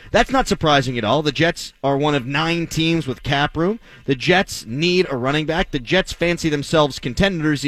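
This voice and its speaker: A man's voice: a little high, fairly bright tone, dry recording. A man hosting a sports talk radio show, delivering a blunt, sarcastic, opinionated monologue.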